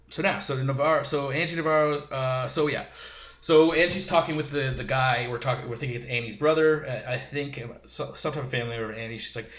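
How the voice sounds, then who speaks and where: A man's voice: medium pitch, fairly even intonation, fairly quick, fairly bright tone. A man giving a rambling, casual episode recap, full of fillers and chuckling asides. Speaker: show reviewer. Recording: roomy echo.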